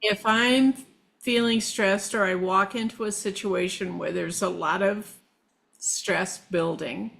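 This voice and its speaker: Slow, gravelly-voiced middle-aged woman. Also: mid-range voice, fairly even intonation, fairly bright tone. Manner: slow, meandering, halting with restarts. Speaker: guest, shamanic practitioner. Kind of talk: casual conversation.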